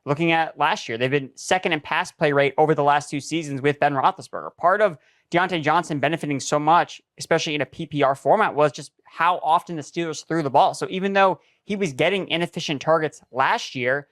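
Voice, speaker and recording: A man talking through his reasoning in a steady, analytical way on a podcast. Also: on the high side, fairly quick, no room sound, studio quality. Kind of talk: casual podcast chat.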